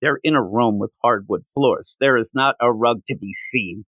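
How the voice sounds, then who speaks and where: A man's voice: mid-range voice, moderate pace, fairly bright tone, no echo. A man reviewing comic books in a casual spoken rant, sarcastic and exasperated.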